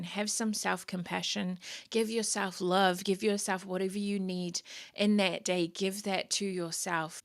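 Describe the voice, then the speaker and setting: A woman's voice: medium pitch, fairly bright tone, clean tone. A woman hosting a podcast, talking frankly in a casual motivational monologue and swearing freely. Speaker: podcast host and coach.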